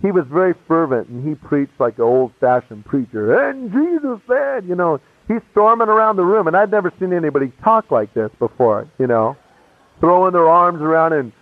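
A man's voice: on the high side, no room sound. Chatty man on tinny radio audio. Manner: acts out quoted people with shifting voices; casual, chatty, full of "you know" asides. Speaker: speaker giving a personal testimony. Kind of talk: animated storytelling. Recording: dry, tinny phone-like radio sound.

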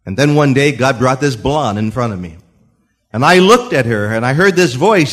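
An older man preaching a sermon in church, telling his own story in an animated way and acting out voices in the quotes. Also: medium pitch, moderate pace. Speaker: pastor. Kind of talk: sermon with personal testimony.

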